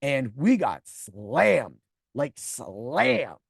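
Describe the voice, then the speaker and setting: A man's voice: mid-range voice, huge pitch swings, drawn-out words, vocal fry, husky, no echo, studio quality. A man in his forties hosting a podcast, telling a personal story in a blunt, profane way and acting out other people's lines. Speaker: podcast host.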